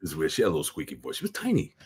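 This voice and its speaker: Deep-voiced New York man rambling. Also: huge pitch swings, very fast, a little mellow. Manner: rambling, profane, repeats words and fills with "um". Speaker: co-host of a wrestling review show. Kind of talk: casual livestream chat.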